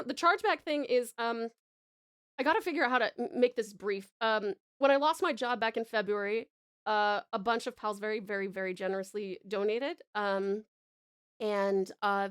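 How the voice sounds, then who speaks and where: A woman's voice: high voice, dry recording, clean studio sound. A woman, chatting on a live stream, gushing thanks with lots of swearing and restarts. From Tasmania, Australia.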